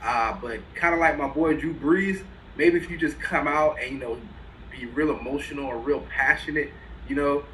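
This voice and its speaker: Sports podcast cohost guy, swears a lot, laughs, bright sharp voice, slight hiss. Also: on the high side, normal speed, poor audio. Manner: blunt and profane, laughing. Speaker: podcast co-host. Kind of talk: casual chat.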